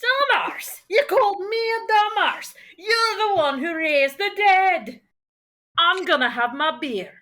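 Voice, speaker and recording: A woman's voice: extremely high pitch, lively intonation, slow, sharp tone, voice pushed up, full character voice. A woman voicing a surly, beer-loving undead male companion who calls others lassie. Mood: offended.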